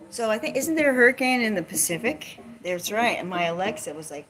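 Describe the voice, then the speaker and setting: A woman's voice: mid-range voice, animated, moderate pace, a bit bright, poor audio. A woman vlogging in a casual, chatty and playful way, rambling and laughing often. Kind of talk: casual chat.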